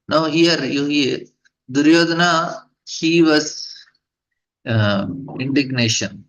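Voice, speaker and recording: A man teaches a scripture class and tells its story in a halting way, full of fillers and restarts. The recording is dull and lo-fi. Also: fairly high pitch, a bit bright.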